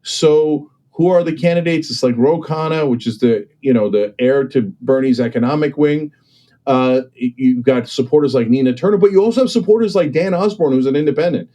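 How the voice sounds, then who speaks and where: A man argues politics with emphatic, persuasive energy, tossing in "okay?" and "right?" to drive points home. His voice sits a bit high, yet its tone is dark and mellow. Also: fairly quick. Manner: acts out other people's voices when quoting them. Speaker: political commentator and guest. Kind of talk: impassioned political discussion.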